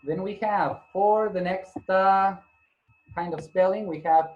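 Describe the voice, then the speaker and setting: A man's voice: a little high, highs cut off. A male English teacher giving a grammar lesson, patiently repeating points, spelling out letters and correcting himself as he goes. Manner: corrects himself mid-sentence.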